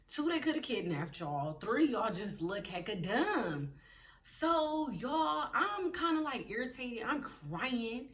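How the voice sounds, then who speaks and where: A young woman telling a storytime vlog in an animated, slangy way, acting out the quotes of the people in it. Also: mid-range voice, distant mic. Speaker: vlogger.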